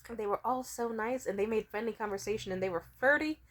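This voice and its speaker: A woman's voice: on the high side, fast talker. A woman vlogger in a casual storytime rant, rambling and swearing freely, with constant "like" fillers. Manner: profane, rambling, many "like" fillers.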